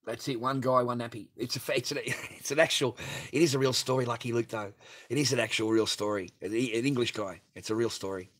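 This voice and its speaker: Laughing as he reads superchats, a man hosting a livestream goes on a crude, casual rant. He talks a little fast in a steady, slightly bright medium-pitched voice.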